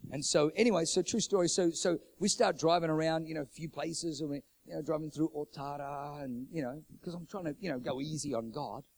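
Animated New pastor preaching. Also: male voice, fairly quick, vocal fry, few pauses. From New Zealand. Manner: animated, acts out quoted voices with big pitch jumps. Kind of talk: sermon storytelling.

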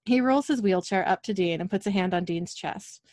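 Woman podcast host, brisk recap storyteller, middle pitch, very dry close sound. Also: darkish tone, no echo. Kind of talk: recapping a TV episode.

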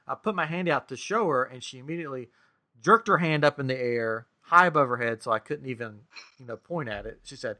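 Bright-voiced man telling a frustrating story. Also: medium pitch, fast talker. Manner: animated, exasperated retelling with quoted dialogue. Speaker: podcast co-host. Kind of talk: casual storytelling chat.

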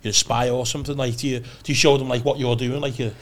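A man's voice: mid-range voice, little pitch movement, fast talker. A man hosting a podcast, asking long, rambling questions that end in tag questions. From Liverpool area. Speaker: podcast host. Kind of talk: casual podcast chat.

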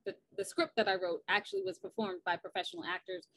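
A woman's voice: medium pitch, steady tone, fast, fairly bright tone, no room sound. A woman guest and writer on a podcast, chatting casually and teasing her co-guest playfully. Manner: playful teasing, throwing mock shade. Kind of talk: casual chat.

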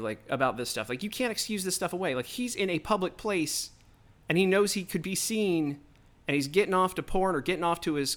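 A man's voice: sits high, fairly bright tone. Fired-up man ranting solo. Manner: heated, profane, rambling rant. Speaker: podcast host. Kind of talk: solo political rant.

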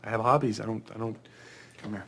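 A man's voice: fairly low pitch, steady tone, fast, creaky, a bit bright, slight background noise. A man voicing a grown man who insists he is not crying, in a defensive, mock-sulky back-and-forth with himself in a comedic podcast skit.

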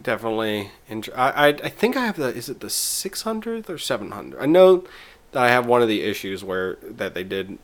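A man's voice: mid-range voice, very animated, fairly quick. A man in casual chat, rambling through an episode recap with restarts and quoted bits.

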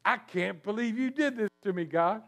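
A grumbling, self-pitying prophet, as a preacher puts him on, with a fairly high voice, griping, whining, complaining in a sermon retelling. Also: male voice, normal speed, a bit bright. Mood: aggrieved complaint. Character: sulking prophet Jonah, a grown man, self-pitying.

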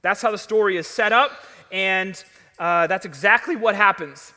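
High-voiced preacher man telling the story casual-like, long church echo. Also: moderate pace, sharp tone. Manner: conversational, storytelling, emphatic. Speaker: pastor. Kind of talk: sermon. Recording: long reverb of a large hall.

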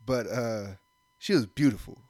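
A man's voice: medium pitch, moderate pace, darkish tone, no echo. A young man in casual chat, telling a loose, slangy story with plenty of profanity. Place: indoor room.

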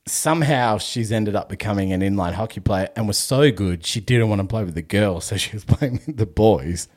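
A young Australian man hosts a podcast, telling a story in casual chat while swearing freely and laughing as he goes. His voice sits on the low side, a little mellow, at normal speed.

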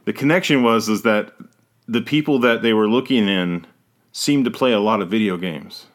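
Speaking at a moderate pace in a fairly low voice, a male podcast host talks casually and rambles. He regularly revises what he's saying mid-sentence and tends to trail off.

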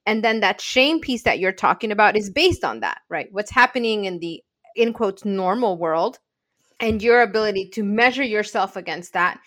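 A woman's voice: medium pitch, lively intonation, moderate pace, fairly bright tone. A woman in a casual conversation, thinking aloud in a reflective, agreeable way.

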